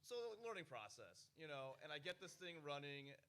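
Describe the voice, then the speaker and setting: A man's voice: on the high side, expressive, normal speed, sharp tone, echoey room, recorded from a distance, slight background noise. A man telling a rambling, profane, jokey story on stage at a live event. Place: live music venue.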